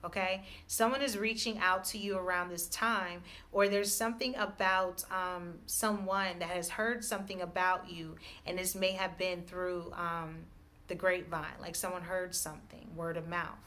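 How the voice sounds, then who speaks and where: A woman's voice: lowish voice, fairly even intonation, normal speed, sharp tone. A woman giving an intuitive spiritual message reading, circling the same idea in repeated, hedging phrases and laughing often. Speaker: intuitive reader.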